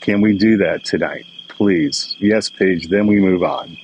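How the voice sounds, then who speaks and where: A man's voice: low voice, unhurried, a little mellow, dull audio, slight background noise. Older man chatting on a live stream. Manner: chatty, greeting viewers by name, emotional and upbeat. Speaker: livestream host. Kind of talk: casual live-stream chat. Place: indoors at home, crickets outside. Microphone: phone or webcam for a live stream. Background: crickets and insects chirping.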